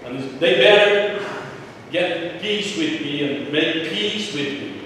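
A man voicing a blunt, menacing male friend in a quick, threatening tone. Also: a little high, expressive, fairly bright tone, a little hiss or hum. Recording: echoey hall, distant mic.

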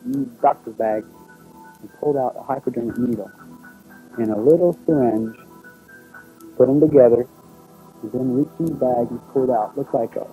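A man telling his own experience in a documentary, recalling it in halting, unpolished speech with restarts. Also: medium pitch, dark tone, low-quality recording. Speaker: eyewitness recounting his experience. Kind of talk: first-person testimony in a documentary.

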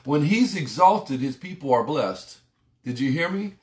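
A man's voice: on the high side, very animated, unhurried. A man pastor giving a conversational, emphatic devotional sermon. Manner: conversational, emphatic preaching with rising exclamations. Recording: roomy echo.

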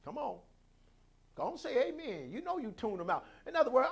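High-voiced preaching man. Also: big pitch swings, a little fast, gravelly, husky. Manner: preaching with call-outs, acting out quoted voices. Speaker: pastor. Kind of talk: sermon.

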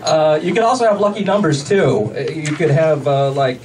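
A man doing a stand-up comedy set, delivering deadpan one-liners with pauses for laughs. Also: on the high side. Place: comedy club stage with a laughing audience. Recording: distant club recording with loud crowd noise.

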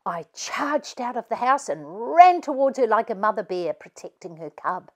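A woman's voice: a little high, sing-song, normal speed. A woman reading aloud, voicing a mother telling her children a dramatic family story. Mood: animated. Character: lively storytelling mother of many.

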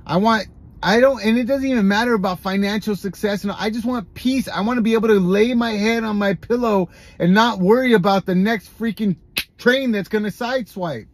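A man's voice: high voice, fairly quick. Candid man speaking in a confessional tone. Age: adult, has a grown son. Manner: candid, confessional, with many restarts. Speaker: podcast host. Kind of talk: personal monologue about recovery.

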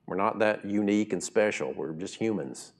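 A middle-aged man preaching a sermon in a casual, conversational way, swinging from quiet, slow asides to loud, high emphatic bursts. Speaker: pastor.

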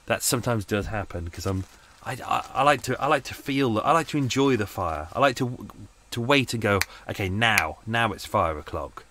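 Bloke rambling on his podcast from a canal boat, pitch bouncing all over, chatty and self-mocking. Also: animated, fairly quick, a bit bright, slight background noise. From England. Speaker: podcast host. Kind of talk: casual rambling chat. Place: moored canal boat cabin.

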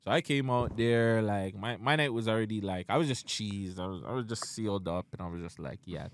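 A man co-hosting a podcast, telling a story in casual, profane chat and loudly acting out the quotes. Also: lowish voice, fairly quick, a little hiss or hum. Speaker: podcast co-host.

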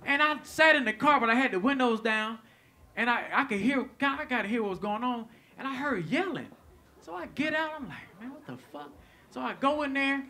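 A man doing stand-up comedy, telling a story in an animated, profane way and acting out the lines of people in it. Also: very high-pitched, brisk. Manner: animated, profane, acts out quotes.

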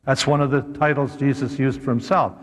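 A man, a priest, giving an animated, conversational teaching talk to a live audience, with humorous asides. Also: medium pitch, a little fast. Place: hall with a seated audience. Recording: echoey hall.

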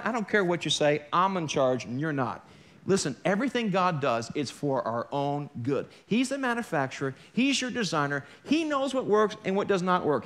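High-voiced joking male pastor. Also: a bit bright. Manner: conversational and joking, with wry asides to the congregation. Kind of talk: sermon. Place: church sanctuary.

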